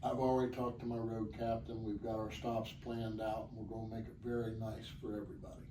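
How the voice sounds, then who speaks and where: A man's voice: fairly low pitch, monotone, fairly quick, far from the mic. A man answering interview questions as the organizer of a charity motorcycle ride, plainspoken, earnest and rambling. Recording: echoey, off-mic, faint background noise.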